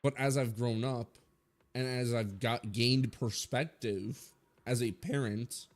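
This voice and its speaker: A man's voice: mid-range voice, takes it slowly. A man in his twenties giving a blunt, rambling opinion rant full of swearing, as a streamer talking to his viewers.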